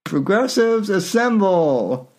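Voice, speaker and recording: A man voicing a weary, growling older woman politician who shouts dramatic battle cries. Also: high-pitched, very animated, takes it slowly, voice pushed up, full character voice. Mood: rallying.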